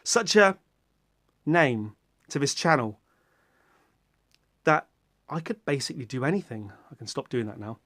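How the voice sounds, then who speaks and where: A British man talking to his viewers in a casual vlog, rambling and self-mocking, swearing casually and breaking into sudden loud outbursts. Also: on the high side, lively intonation, moderate pace, pauses often, dry recording, studio quality. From Britain. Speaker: YouTuber.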